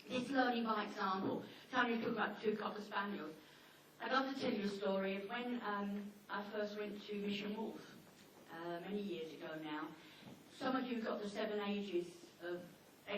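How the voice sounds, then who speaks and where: A woman giving a live seminar talk to an audience, telling stories and acting out dialogue with sudden jumps in pitch. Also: slight background noise. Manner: animated storyteller, acts out dialogue with lively pitch jumps. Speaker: dog behaviour speaker. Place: lecture hall. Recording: echoey hall, voice from far off with faint ambience.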